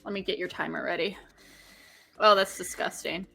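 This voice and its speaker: A woman co-hosting a casual podcast, excitable and full of fillers as she plays a quick-fire quiz game. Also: on the low side, creaky, breathy edge, soft background music. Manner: excitable, lots of fillers and hesitations. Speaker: co-host.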